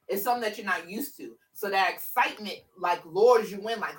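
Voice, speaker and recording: Woman, podcast host, casual chat, excitable, bright edge. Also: mid-range voice, a little fast, hardly any pauses, far from the mic, poor audio. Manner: loud and excitable, swearing freely.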